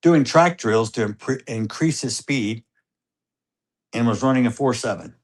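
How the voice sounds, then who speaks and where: A middle-aged father telling a personal story in an interview, animated, moving between hushed tones and loud excitement. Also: medium pitch, measured pace. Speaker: grieving father being interviewed.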